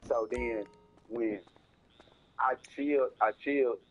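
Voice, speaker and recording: A man's voice: mid-range voice, fairly even intonation, takes it slowly, highs cut off, faint music behind. A man casually telling a long rambling story, repeating himself and cursing, in slangy talk. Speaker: storyteller streaming a game.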